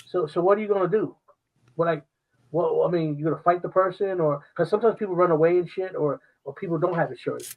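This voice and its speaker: A man co-hosting a casual podcast chat, halting and stumbling, repeating words as he works out his point. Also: on the high side, phone-quality sound. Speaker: podcast co-host.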